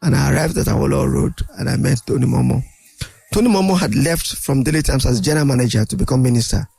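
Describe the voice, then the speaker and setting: An older man, a guest in an interview, telling animated anecdotes and acting out other people's voices. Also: medium pitch, quick pace, creaky, breathy edge, no room sound. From Nigeria. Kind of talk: storytelling interview.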